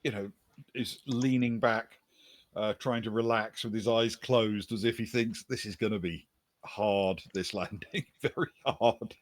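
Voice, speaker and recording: With an unhurried delivery and a fairly low voice, a man acting as game master relaxedly narrates a tabletop role-playing scene, using fillers and chuckling now and then.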